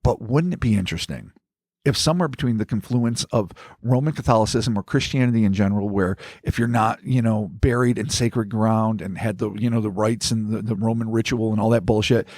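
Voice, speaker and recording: A man's voice: lowish voice, fairly quick, a little mellow, dry recording, studio quality. A man hosting a podcast who reads listener stories aloud and riffs on them in a rambling, profane, joking way. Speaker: podcast host. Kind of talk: casual podcast chat and story reading.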